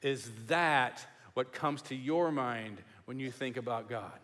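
A man preaching a sermon as pastor, emphatic and repetitive, dropping to a hush on key words. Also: mid-range voice, slow. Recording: long hall reverb.

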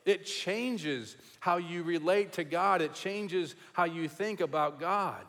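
A man preaching a sermon as pastor, emphatic and repetitive, dropping to a hush on key words. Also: sits high, slow. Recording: long hall reverb.

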